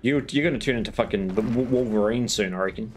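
Late at night, another game stream: a fast-talking New Zealander with a lowish voice jokes around with his chat and curses without restraint. There's slight background noise, and his manner stays relaxed and casual.

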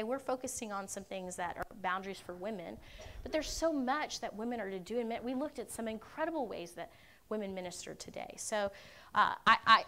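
A woman's voice: fairly high pitch, pushed and bright. A woman speaking at a conference Q&A, explaining her views earnestly and often checking in with her listeners. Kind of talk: Q&A teaching talk. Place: university conference room.

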